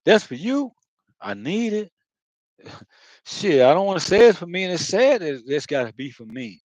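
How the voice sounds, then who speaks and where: A man's voice: high voice, big pitch swings, moderate pace, darkish tone, dry recording, poor audio. A man talking in a loose, rambling monologue, swearing often and circling back with lots of filler phrases. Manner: repeats himself, circles back. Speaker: spiritual video host.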